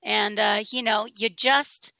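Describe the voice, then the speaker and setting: A woman's voice: medium pitch, steady tone, slow pace, bright, forceful tone, dry recording, rough recording. A woman in casual chat as a co-host, rambling with lots of fillers and laughing easily. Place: Austin, Texas.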